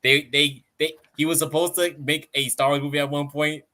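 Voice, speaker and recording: A man's voice: on the high side, level tone, brisk, bright, forceful tone. A man joking around in a casual chat with friends, laughing often.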